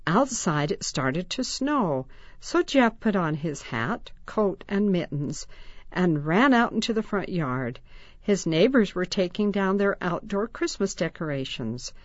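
A woman reading children's stories, rhymes and recipes aloud in a slow, expressive way. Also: lowish voice, no room sound, dull audio. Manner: slow, expressive reading with lively sound words. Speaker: reader of a children's magazine. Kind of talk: read-aloud narration for children.

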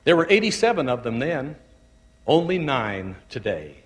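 A man, a bishop, telling a sermon story in a measured, tender, deliberate way. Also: medium pitch, sing-song, in a large hall.

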